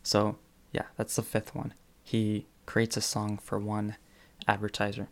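A man with a low, gravelly voice recounts funny anecdotes in a loose, casual way. He leans on fillers and chuckles as he goes, and his delivery stays fairly flat. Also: unhurried. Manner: chatty retelling with fillers, chuckles between phrases. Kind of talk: casual spoken presentation.

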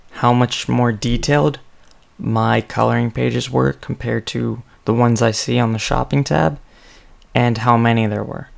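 Male podcast host, drowsy, flat and unhurried, thinks aloud with fillers. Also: medium pitch, gravelly. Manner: rambling, thinking aloud with many ums. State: sleepy, yawning. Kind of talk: casual solo podcast talk.

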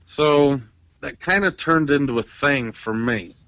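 Man, casual storyteller, excitable and animated, slightly dull lo-fi sound, dry room. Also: medium pitch, a little slow, no room sound. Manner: animated, excitable retelling with many fillers. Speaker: podcast guest, paranormal investigator and tattoo artist.

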